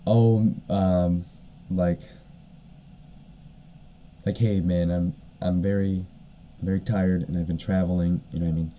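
A man's voice: deep voice, fairly even intonation, unhurried, dark tone, slight background noise. A man voicing an angel disguised as a tired male traveler, pleading in a rambling way. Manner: rambling and pleading, full of fillers.

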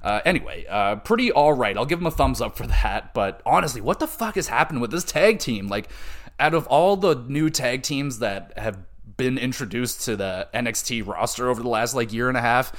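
A man's voice: mid-range voice, lively intonation, normal speed. A man hosting a solo podcast, recapping a show in a loose, chatty manner with plenty of swearing. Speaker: podcast host.

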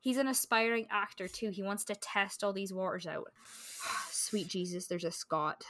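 A woman co-hosting a podcast, chatting casually about books in a rambling, animated way full of fillers. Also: medium pitch, moderate pace, no room sound. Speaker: podcast co-host. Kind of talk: casual book-club chat.

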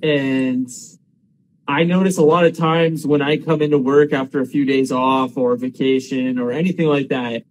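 A man's voice: medium pitch, fairly even intonation, normal speed, a little hiss or hum. A man hosting a casual podcast, talking loosely and sarcastically with plenty of swearing. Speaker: podcast host.

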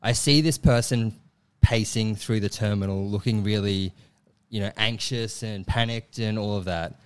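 A man's voice: fairly low pitch, moderate pace, clean tone. Young guy telling a funny story, keeps laughing, does little voices for everyone. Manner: animated, laughs often, acts out voices in quotes. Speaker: comedian guest telling a story. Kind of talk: casual storytelling.

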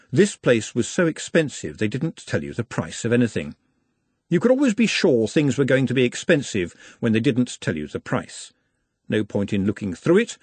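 A man reading an audiobook aloud in a wry, animated way. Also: medium pitch, husky, no echo. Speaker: audiobook narrator. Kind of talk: audiobook narration.

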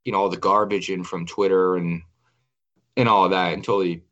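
Male guest, fairly low voice, plain casual talker. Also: level tone, brisk, fairly bright tone, highs cut off. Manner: plain-spoken, heavy with fillers. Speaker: interview guest. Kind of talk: casual conversation.

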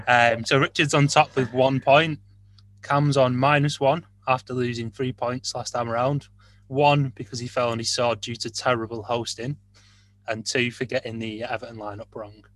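A man's voice: medium pitch, little pitch movement, moderate pace, fairly bright tone, no echo. Jokey man hosting a podcast. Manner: jokey, teasing. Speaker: podcast host. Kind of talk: casual chat.

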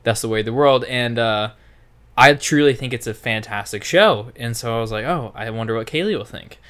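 A man's voice: mid-range voice, brisk, fairly bright tone. A man hosting a podcast, chatting casually and agreeably with a guest. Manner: easygoing and agreeable, with short affirmations. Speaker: podcast host. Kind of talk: casual chat.

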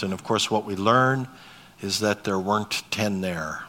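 A man's voice: lowish voice, measured pace. A man preaching a sermon as pastor, reading scripture and asking the congregation questions in a conversational way. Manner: reads dialogue with lively shifts. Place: church sanctuary. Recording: long hall reverb.

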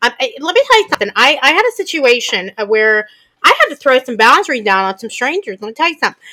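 A brash woman with a high, bright voice tells a story in a casual podcast chat. She swears freely and acts out what other people said. Her pitch swings widely as she goes. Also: sing-song, fast talker. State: wears hearing aids. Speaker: podcast co-host.

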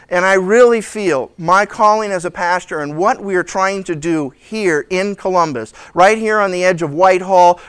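A man preaching with lots of energy, his voice sitting high. He keeps slipping into quick acted-out voices of worried churchgoers and of Jesus. The sound is dry and close, with no room echo. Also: smooth. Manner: animated, acts out voices of people and Jesus. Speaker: pastor. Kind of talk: sermon.

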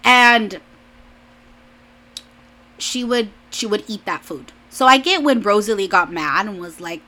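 A woman's voice: medium pitch, moderate pace, bright, forceful tone. A young adult woman vlogger chatting casually, rambling with lots of "like"s and restarts, and often laughing. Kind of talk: casual chat.

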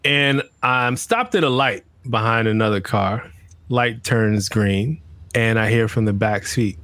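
A man co-hosting a podcast, telling family stories in an animated way. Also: on the low side, measured pace, no echo. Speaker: podcast co-host. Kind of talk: casual chat.

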